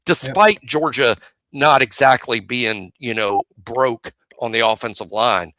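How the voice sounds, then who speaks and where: A man's voice: mid-range voice, unhurried, pushed and bright, no echo. A man co-hosting a casual sports podcast, giving chatty analysis with stammering restarts. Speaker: podcast co-host.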